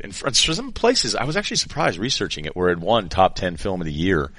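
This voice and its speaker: A man's voice: low voice, big pitch swings, fast, few pauses, a bit bright, no room sound. A middle-aged man hosting a podcast, chatting in a rambling, joking way and often interrupting himself. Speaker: podcast host. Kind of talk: casual chat.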